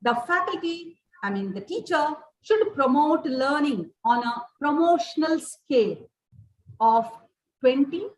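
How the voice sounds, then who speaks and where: Woman, workshop lecturer; high voice, set back from the mic in a reverberant room. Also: far from the mic. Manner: repeats and restarts phrases, list-like delivery. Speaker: workshop resource person. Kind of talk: lecture to teachers.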